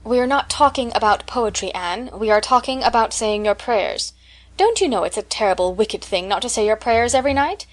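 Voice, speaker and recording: A woman's voice: a little high, lively intonation, normal speed, close to an everyday voice. A woman reading as a stern old spinster. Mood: scolding. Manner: stiff, scolding. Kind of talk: audiobook character reading.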